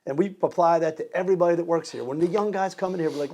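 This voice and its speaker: Guest storyteller: quick, lively Maryland man, fairly high voice. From Maryland, USA. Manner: animated storyteller, acts out both sides of a dialogue. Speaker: business co-owner, guest. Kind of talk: storytelling in an interview.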